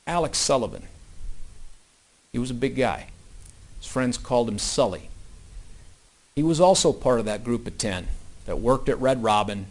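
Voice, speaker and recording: A man at medium pitch delivers a prosecutor's opening statement in a courtroom. He tells it as a story, jumping between loud emphatic lines and low, hushed asides. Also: expressive, normal speed, pauses often.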